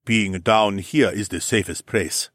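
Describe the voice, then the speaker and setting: A man voicing a calm, steady young man in an audiobook. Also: fairly low pitch, unhurried, no room sound, studio quality.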